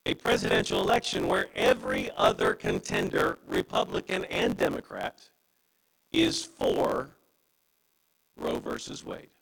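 A man's voice: vocal fry, a bit bright, slightly rough, rough recording. A man preaching a sermon as pastor, impassioned and emphatic. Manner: impassioned preaching with wide pitch swings.

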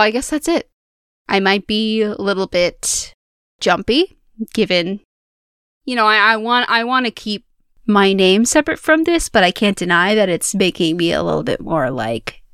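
A woman playing a tabletop game in character, hesitant and halting, restarting her phrases. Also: mid-range voice, expressive, a bit bright, clean tone, dry recording, clean studio sound. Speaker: player.

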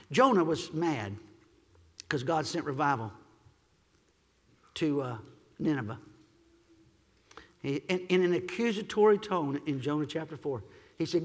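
A man preaching a sermon as pastor, swinging from shouted praise to quiet, gentle teaching. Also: a little high, creaky, in a large hall.

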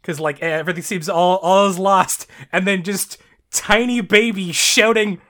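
A man's voice: high voice, unhurried. A man casually talking through a story on a podcast, with many fillers and frequent swearing. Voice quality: bright, lots of fillers and swearing, laughs often. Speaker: podcast co-host. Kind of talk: casual chat about a story.

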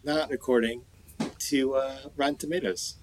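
A man co-hosting a casual movie chat, talking in halting phrases with lots of fillers. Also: mid-range voice, fairly even intonation, slight background noise, low-quality recording. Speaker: podcast co-host.

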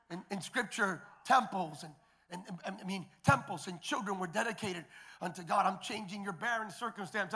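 A middle-aged male pastor preaching a sermon, moving between quiet, conversational storytelling with restarts and loud, shouted declarations. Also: sits high. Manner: repeats words and restarts, conversational asides.

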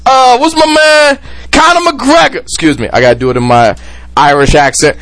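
A man with a very high-pitched voice talks a little fast while hosting a sports podcast. Drinking whiskey, he rants loosely and profanely in casual sports chat, animated and slipping into impressions of people.

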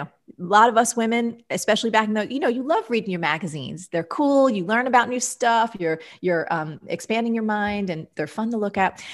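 Lively woman telling her story. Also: mid-range voice. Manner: animated, acts out her own past thoughts. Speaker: guest. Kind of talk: personal storytelling in an interview.

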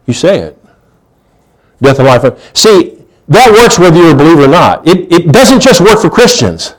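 Preaching in a homespun, story-driven way, this man swings between booming emphasis and quiet asides, often starting his sentences over. His pitch is fairly high, his intonation lively, and he talks a little fast.

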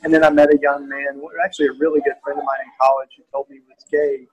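A man from East Tennessee, a guest in an interview, talking earnestly and haltingly with many restarts. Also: on the high side, flat delivery, breathy edge, low-quality recording. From East Tennessee, USA. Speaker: guest author. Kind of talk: casual conversational interview.

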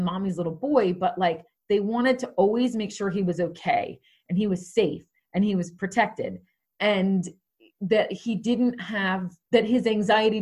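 A woman's voice: mid-range voice, darkish tone. A woman in her forties, a podcast guest, telling a personal story in a conversational way with many fillers.

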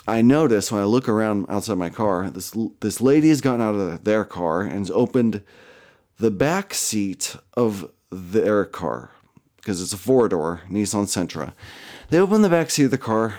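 Brief: podcast host, man, low dark voice, profane and laughing storyteller. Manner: profane, laughs often while telling. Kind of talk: casual storytelling.

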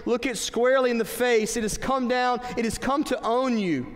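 A man's voice: very high-pitched, steady tone, moderate pace, voice pushed up. A man voicing a fierce male basketball coach giving a scolding halftime speech. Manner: barking, scolding pep talk. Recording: long hall reverb.

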